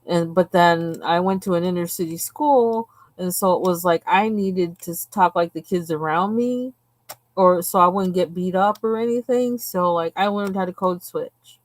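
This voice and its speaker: A woman hosts a live stream, coloring as she chats casually and drifts from one tangent to the next. Her voice is lowish and her pace moderate.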